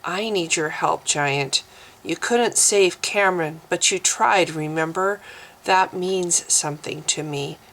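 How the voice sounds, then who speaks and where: A woman voicing a calm, stern human man who leads, speaking quietly and in measured words. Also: fairly low pitch, full character voice, poor audio. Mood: soothing.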